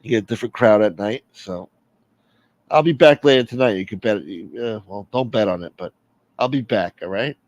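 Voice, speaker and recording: Rambling New streamer, dry sound. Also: male voice, lowish voice, normal speed, darkish tone, dry recording, dull audio. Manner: rambling, reads out chat, joking. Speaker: livestream host. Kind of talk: casual livestream chat.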